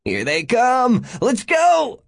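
A man's voice: on the low side, very animated, measured pace, darkish tone, breathy edge, no room sound, studio quality, exaggerated voice. A man reading an audiobook, voicing a gleeful reckless young man who giggles and whoops taunts. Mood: whooping.

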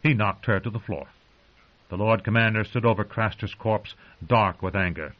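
A man reading an audiobook in a steady, dramatic narration, on a dull lo-fi recording. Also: fairly low pitch, moderate pace.

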